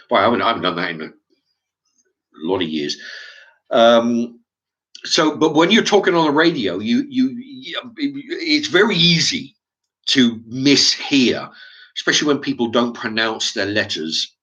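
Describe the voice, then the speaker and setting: A middle-aged man with an English accent, talking in a halting, rambling monologue to his channel's viewers, often stumbling and repeating his words. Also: mid-range voice, lively intonation, a bit bright, muffled recording. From England. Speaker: YouTube channel host.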